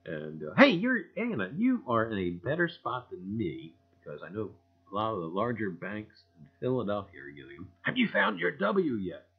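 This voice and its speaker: A man's voice: lowish voice, huge pitch swings, normal speed, breathy edge, phone-quality sound. A man hosting a casual livestream chat, reading viewer comments in a folksy way and chuckling often. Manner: folksy, chuckling, repeats "I tell you".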